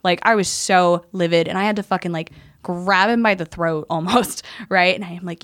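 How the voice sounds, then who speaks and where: Woman veteran, 30s, candid podcast guest, profane and animated storyteller. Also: lowish voice, moderate pace.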